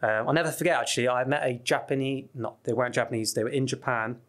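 A British man chatting as a podcast guest. He tells his stories in a loose, animated way, full of fillers and false starts, at an ordinary middle pitch. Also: quick pace. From United Kingdom. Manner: animated storytelling with lots of fillers and restarts. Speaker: guest, travel YouTuber. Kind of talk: casual podcast chat.

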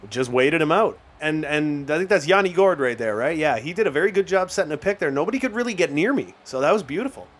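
A young man giving casual, excited commentary on his own hockey video game, calling the plays and chatting straight to his viewers. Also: a little high, fast talker, hardly any pauses, husky. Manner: play-by-play calling with bursts of excitement and laughs. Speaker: gaming YouTuber.

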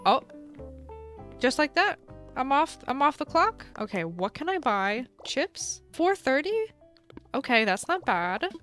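A young woman hosting a gaming channel, chatting through gameplay in a bubbly, gushing, excitable way. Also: high-pitched, measured pace, soft background music. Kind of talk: casual gameplay commentary.

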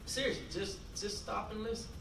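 A man's voice: high-pitched, fairly even intonation, brisk, vocal fry, very noisy. A man, the author, reads his own book aloud as a story with small chuckles, then talks casually. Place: library event room. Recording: echoey room from far off.

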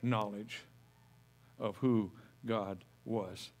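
Man, middle-aged, pastor, sermon, folksy storytelling, slightly high voice. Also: normal speed. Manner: folksy, homespun storytelling with humor.

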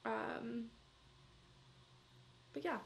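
Drawing out her words in a slightly high, gravelly, husky voice, a vlogger in her twenties chats to the camera late at night while drunk and tired. She rambles on, full of filler words.

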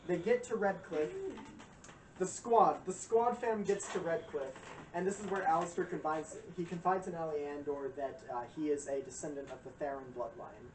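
A man's voice: a little high, moderate pace. A man casually recapping a story to friends, rambling and profane, often laughing. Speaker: lecturer recapping a game. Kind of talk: casual group chat. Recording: roomy distant mic with faint noise.

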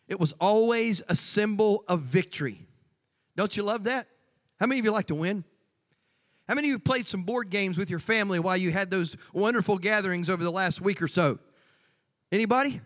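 Joking woman preacher in a church hall. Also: medium pitch. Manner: conversational, joking asides to the congregation. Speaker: pastor. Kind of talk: sermon. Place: church sanctuary.

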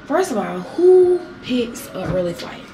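A woman's voice: sits high, very animated, a little slow, echoey room, distant mic, background noise. A young woman vlogger telling a story in casual slang, swearing freely and talking with lots of energy.

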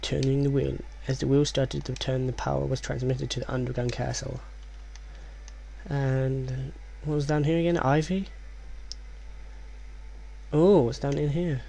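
Man, let's play commentator, gravelly, kept quiet, faint hiss behind. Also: level tone, a little slow, long pauses. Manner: hushed, keeps voice low; rambling, reads game text aloud.

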